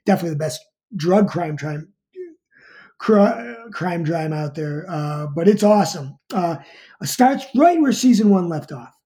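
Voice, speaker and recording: Rambling middle-aged TV reviewer, mellow voice. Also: mid-range voice, lively intonation, normal speed. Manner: rambling, with many fillers and restarts. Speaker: TV show reviewer. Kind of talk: casual show review.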